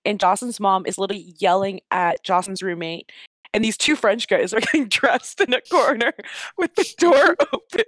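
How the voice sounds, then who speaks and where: A woman's voice: medium pitch, moderate pace. A young woman spinning a story in casual conversation, blunt and swearing freely. She sounds close and dry, with no room echo around her. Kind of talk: casual chat.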